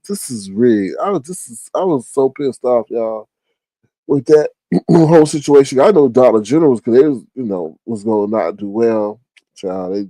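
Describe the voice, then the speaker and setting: A man's voice: mid-range voice, warm tone, no room sound. Sleepy rambling man on a livestream. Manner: rambling, trails off and restarts often. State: sleepy, yawning. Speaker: livestream host. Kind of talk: casual live-chat commentary.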